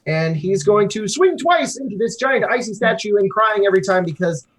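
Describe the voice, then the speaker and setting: Lively player at a tabletop game. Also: mid-range voice, normal speed. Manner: animated, swears casually.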